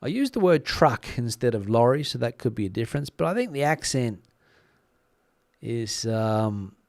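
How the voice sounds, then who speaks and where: Here a middle-aged man with an Australian accent reads comments during an easygoing live-stream chat. His medium-pitched voice has lively intonation and a moderate pace, and he rambles with plenty of fillers and restarts. The sound is clean and studio-like, without echo.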